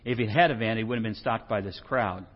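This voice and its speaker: A man's voice: on the low side, fast. A man preaching a casual, conversational sermon, reading scripture and acting out the quoted lines. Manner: animated, conversational, acts out quotes. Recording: lo-fi muffled recording.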